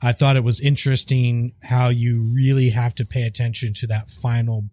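A man's voice: medium pitch, level tone, normal speed, a little mellow, no echo. Guy talking movies, thoughtful, kinda hesitant, dry mic. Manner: thoughtful, hesitant, restarts often. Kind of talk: casual chat.

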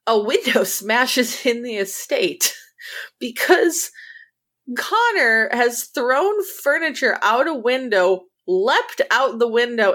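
Woman, podcast co-host, casual chat, animated retelling, mid-pitched voice. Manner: animated retelling with quoted lines and laughs.

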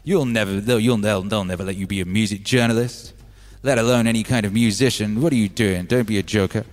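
A man putting on a mocking male boss, scornful and loud. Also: mid-range voice, expressive, fast, natural voice.

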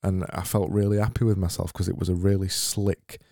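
A man's voice: low voice, little pitch movement, brisk, creaky, mellow, no echo. A man with a Yorkshire accent hosting a casual solo podcast, reading out listener messages in a dry, sarcastic, rambling way on a studio mic. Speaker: podcast host. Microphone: studio mic with mixer.

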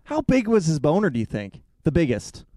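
A man's voice: a little high, huge pitch swings, fairly quick, mellow, no room sound, clean studio sound. A man co-hosting a casual chat, reacting to a friend's story with wry, teasing comments. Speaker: podcast co-host.

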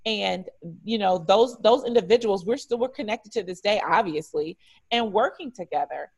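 Woman from detroit telling a story in an interview, acts out all the voices, animated, mid pitch. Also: normal speed, husky. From Detroit, United States. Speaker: franchise regional director, interview guest. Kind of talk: conversational storytelling.

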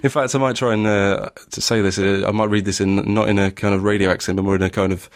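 A man's voice: lowish voice, flat delivery, fast talker. A man with a mild northern English accent, hosting a podcast in casual chat, often restarting his sentences with ums. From northern England. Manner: hesitant, many restarts and ums. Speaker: podcast host and novelist.

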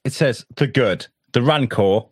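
A man co-hosting a casual podcast chat, animated and swearing freely, acting out scenes as he talks. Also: measured pace, slightly rough, dry recording, studio quality. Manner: animated, swearing, acts out scenes in loud high voices. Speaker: podcast co-host. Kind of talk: casual chat reviewing a TV episode.

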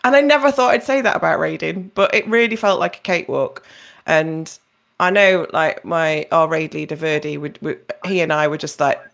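A woman's voice: sits low, normal speed, creaky, a bit bright. A woman hosting a podcast, chatting loosely and laughing often between questions. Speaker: podcast host. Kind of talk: casual chat.

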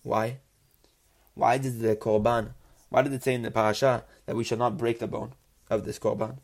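Here the same kind of Torah lesson continues: he reads out Hebrew, translates it phrase by phrase, and poses questions only to answer them himself. The pitch sits in the middle, the delivery is flat, and the pace is moderate.

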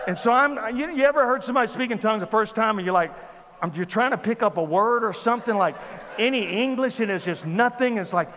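A man telling a funny personal story from the pulpit in a sermon, animated and comic. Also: high-pitched, quick pace, a little hiss or hum. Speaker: pastor. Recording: reverberant hall with faint ambience.

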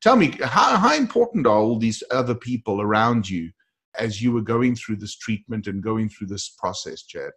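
Male host, low voice, encouraging, preacher-like interviewer. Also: very animated, moderate pace, fairly bright tone, husky. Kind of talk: faith-based interview talk.

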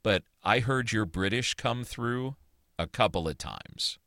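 Deep lively guy reviewing movies, bright tone, dry close sound. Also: a little slow, no echo. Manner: opinionated, rambling with restarts and swearing. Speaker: podcast co-host. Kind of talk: casual movie review chat.

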